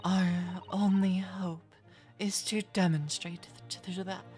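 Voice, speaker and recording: A woman's voice: lowish voice, flat delivery, a little mellow, soft background music. A woman reading as an earnest young legal assistant. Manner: measured, serious reading.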